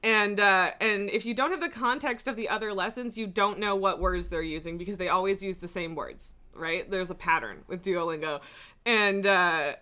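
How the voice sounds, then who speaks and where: A woman's voice: mid-range voice, normal speed, pushed and bright. A woman streamer chatting casually to her viewers, rambling through tangents with frequent laughs, fillers and swearing. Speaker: livestreamer. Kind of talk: casual live-stream chat.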